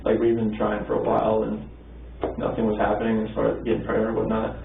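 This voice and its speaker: A man's voice: fairly low pitch, completely flat delivery, quick pace, gravelly, noisy background. A man in a recorded interview, talking hesitantly with lots of fillers, in an interview room. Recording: tinny, echoey room recording from far off.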